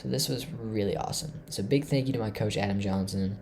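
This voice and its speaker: A man from Tennessee excitedly walking through his chess game, thinking aloud and swinging between loud bursts and hushed asides. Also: on the low side, brisk, a little hiss or hum. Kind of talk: excited game recap to camera.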